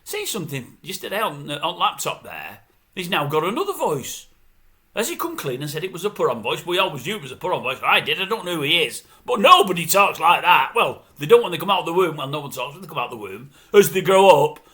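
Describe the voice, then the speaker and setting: Animated, bright-voiced ranting man. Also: a little high, quick pace. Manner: grumbling, animated, mimics others' voices. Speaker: showbiz commentary vlogger. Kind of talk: casual opinionated rant.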